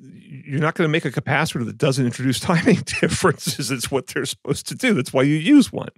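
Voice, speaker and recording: A man's voice: a little high, animated, fairly quick, husky, dry recording, clean studio sound. A man co-hosting an audio podcast, casually and skeptically picking apart claims, rambling with restarts. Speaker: podcast co-host, audio reviewer. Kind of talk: casual chat.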